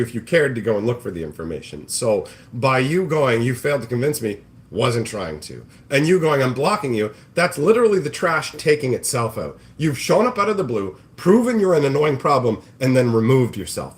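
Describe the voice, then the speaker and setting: Profane, sarcastic ranting man. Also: medium pitch. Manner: profane, sarcastic, mocks others in put-on voices. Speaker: livestream host. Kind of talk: ranting casual livestream talk. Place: home kitchen, cooking bacon.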